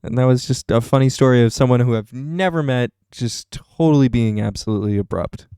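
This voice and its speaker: A man's voice: mid-range voice, brisk, warm tone, clear, resonant tone, no room sound, studio quality. A young man streaming, rambling through a story with laughs and swearing. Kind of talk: casual chat, storytelling.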